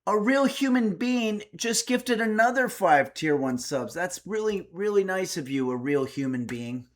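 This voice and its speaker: A man's voice: high voice, animated, measured pace, slight background noise. A man hosting a casual home livestream, reading viewer messages aloud and answering with wry, chatty remarks. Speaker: streamer and cooking host.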